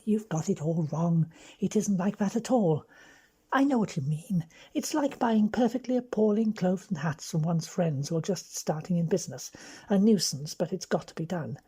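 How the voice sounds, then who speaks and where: A woman with an English accent voicing a bold young aristocratic woman who lays out a scheme in a brisk, bossy way. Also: lowish voice, expressive, mellow, breathy edge. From London.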